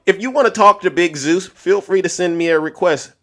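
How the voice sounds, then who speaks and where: A man's voice: sits high, a little fast, fairly bright tone. A man hosting a livestream, ranting and mocking in a preachy tone, laughing through his lines. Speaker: livestream host.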